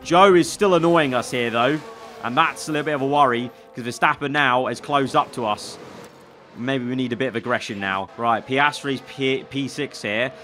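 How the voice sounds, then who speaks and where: Man, young adult, bright voice, live game commentary, faint music behind. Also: medium pitch, moderate pace. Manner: excitable, talks to himself while managing the race. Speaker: gaming YouTuber.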